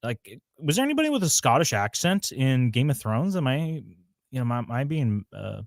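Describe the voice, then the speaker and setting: A man's voice: mid-range voice, sing-song, brisk, vocal fry, no room sound, clean studio sound. A man co-hosting a TV review livestream, talking casually, rambling and searching for names, with frequent laughs. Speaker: podcast co-host. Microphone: home mic on a livestream.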